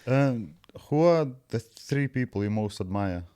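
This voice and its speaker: A man's voice: lowish voice, animated, unhurried, mellow, smooth. A man co-hosting a podcast, easygoing and asking questions. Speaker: podcast co-host. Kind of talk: casual podcast chat.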